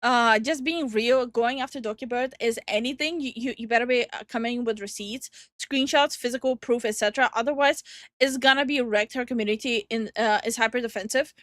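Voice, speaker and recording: Giggly high-voiced woman streamer, dry sound. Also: no room sound. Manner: giggly, animated, quick to laugh. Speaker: VTuber co-host. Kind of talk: casual reaction commentary.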